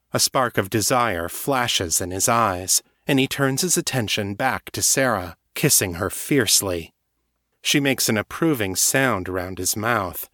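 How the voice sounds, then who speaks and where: A man narrating a first-person audiobook story in a measured, even reading. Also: fairly low pitch, dry recording, studio quality.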